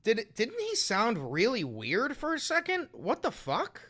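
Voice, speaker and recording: A man's voice: very high-pitched, huge pitch swings, a little slow, bright, forceful tone. A man streaming live, ranting at his chat in an exasperated, heavily profane way. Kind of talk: live-stream reaction talk.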